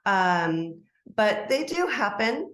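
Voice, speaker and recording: A middle-aged woman, a life coach, telling a personal story as a podcast guest, animated and acting out quoted dialogue. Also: mid-range voice, slow. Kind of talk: storytelling interview answer. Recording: roomy echo.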